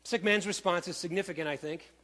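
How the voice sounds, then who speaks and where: Man preaching, emphatic, animated, high voice, long reverb in a church. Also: quick pace. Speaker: pastor. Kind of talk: sermon.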